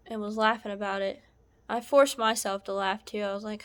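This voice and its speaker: A woman recounting a painful personal story in a halting, soft-spoken way, sometimes dropping to a whisper. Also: medium pitch, flat delivery. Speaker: vlogger sharing a personal story. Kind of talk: emotional personal testimony.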